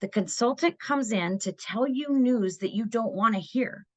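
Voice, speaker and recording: A woman's voice: fairly high pitch, expressive, moderate pace, a little mellow. A middle-aged woman giving a parenting webinar, talking in an earnest, conversational way and often checking in with "right?". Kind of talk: webinar presentation.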